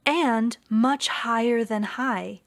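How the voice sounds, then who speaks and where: A woman reading the part of a wise, ancient female turtle, speaking slowly and gently. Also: a little high. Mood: solemn. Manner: slow, gentle and measured.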